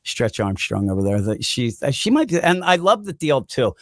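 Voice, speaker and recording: A man hosting a comic book podcast in casual chat, animated, swearing and laughing often as he acts out characters. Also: medium pitch, moderate pace, dry recording, clean studio sound.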